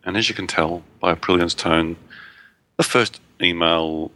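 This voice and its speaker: Deep, bright-toned man co-hosting. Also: measured pace, no room sound. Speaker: podcast co-host. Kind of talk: casual chat.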